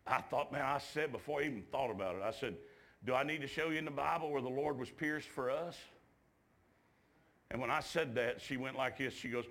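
A man preaching a revival sermon in a church, drawling folksy asides and shouting at the climaxes. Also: mid-range voice, a little fast.

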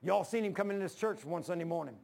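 A male preacher delivers a sermon in a church, in a high, gravelly voice. He tells folksy stories and acts out the dialogue as he goes. His delivery is colloquial and conversational. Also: quick pace, darkish tone. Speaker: pastor.

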